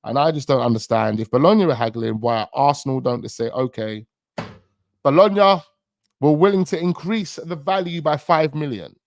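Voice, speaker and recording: A man's voice: a little high, animated, normal speed, dry recording, clean studio sound. A man hosting a football channel, talking in a rambling, slangy way with chuckling asides. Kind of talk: casual live-stream chat.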